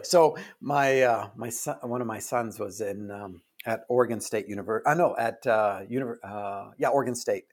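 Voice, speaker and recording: An older man speaking as an author in an interview, telling stories earnestly and haltingly, often dropping his voice low and soft. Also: gravelly, breathy edge. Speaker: author guest. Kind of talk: reflective interview talk.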